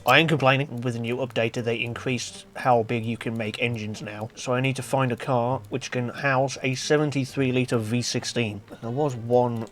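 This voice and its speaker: A man giving casual, exasperated gameplay commentary as a gaming channel host, often bursting into shouts and laughter at mishaps. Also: medium pitch, steady tone, moderate pace, few pauses. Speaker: gaming YouTuber.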